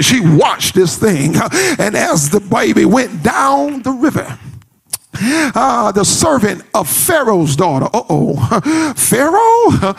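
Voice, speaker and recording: Raspy high-voiced preacher man, whooping. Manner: whooping, sing-song preaching with shouted climaxes. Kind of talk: sermon.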